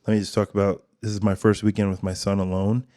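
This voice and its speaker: A man's voice: lowish voice, little pitch movement, fast talker, mellow. A man hosting a podcast, talking in a casual, candid and rambling way, with plenty of swearing. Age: adult father of two. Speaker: podcast host.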